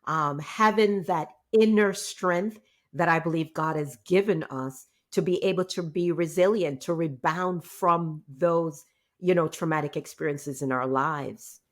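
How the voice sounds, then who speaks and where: A woman from Jamaica, a resilience coach, answering interview questions in an earnest, measured way. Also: deep voice. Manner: earnest, measured, faith-filled speech.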